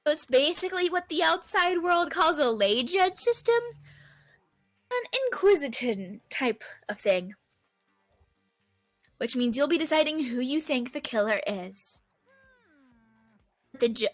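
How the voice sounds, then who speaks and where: A woman's voice: high voice, expressive, a little slow, long pauses, a bit bright, dry recording, faint music behind. A woman playing a gleeful, mocking robot bear headmaster. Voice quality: sing-song, mocking, theatrical. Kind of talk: fan dub voice acting.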